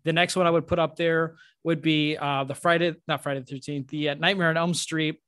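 Eager fan host with a higher voice. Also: male voice, fairly even intonation, fairly quick, a bit bright, clear, resonant tone, no room sound, clean studio sound. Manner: enthusiastic, filler-heavy, laughs often. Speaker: podcast host. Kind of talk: casual podcast chat.

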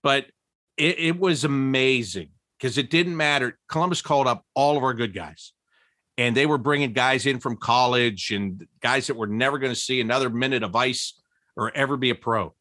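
A man telling old team stories in an interview, laughing often and jumping high in pitch when he quotes people. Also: normal speed, no echo, studio quality. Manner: animated, laughing storyteller with big pitch jumps when quoting. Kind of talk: storytelling interview.

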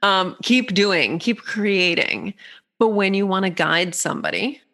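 A woman guesting on a podcast, explaining human design with lively, playful examples. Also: mid-range voice, measured pace. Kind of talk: podcast conversation.

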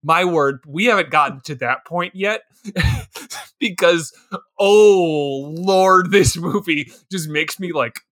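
On a laid-back comedy podcast about a movie, this young co-host speaks slowly in a high, slightly bright voice with huge pitch swings. He laughs a lot and does exaggerated voices whenever he quotes someone.

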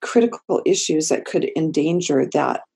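A woman therapist speaking in a podcast interview, slow and deliberate with gentle emphasis. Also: low voice, lively intonation, gravelly, husky. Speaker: therapist and guest.

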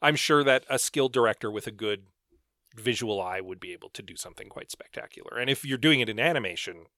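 A man co-hosting a casual book podcast, thinking out loud with the odd "uh" and "like". His voice is bright and forward, recorded close and dry with no room sound. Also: lowish voice, fast, no echo. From Canada. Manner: musing, thinks aloud with fillers. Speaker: podcast co-host. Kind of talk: casual book club chat.

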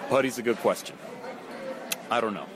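A man's voice: medium pitch, normal speed. A man from the Bronx, a wrestler, answering post-match questions in an earnest, rambling way. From the Bronx, New York. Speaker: pro wrestler. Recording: crowd noise outdoors.

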